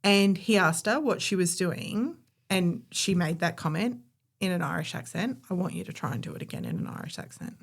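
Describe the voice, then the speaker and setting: A woman's voice: fairly low pitch, animated, a little fast, creaky, slightly rough. A woman, co-hosting a podcast and telling a history story in a chatty, opinionated way. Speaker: podcast co-host. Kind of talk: casual storytelling chat.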